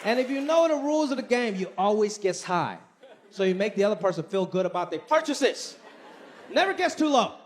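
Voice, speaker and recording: A man in his thirties performing a stand-up comedy set on a theater stage, animated and acting out family members in exaggerated voices. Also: sits high, fairly quick, some chatter behind. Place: large theater stage with live audience. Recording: live show with loud audience noise.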